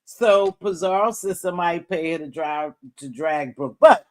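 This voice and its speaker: A middle-aged woman hosting a casual livestream, chatting with viewers and giving gossip commentary, her voice jumping high when she gets worked up. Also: normal speed. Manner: animated, jumps high when worked up, reads out and greets chat viewers. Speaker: livestream host.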